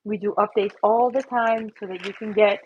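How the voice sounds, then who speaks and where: A woman's voice: medium pitch, fairly even intonation, moderate pace, slightly rough, muffled recording. A woman hosting a casual livestream, chatty and self-mocking as she talks through an itchy, coughing throat. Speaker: livestream host and app creator.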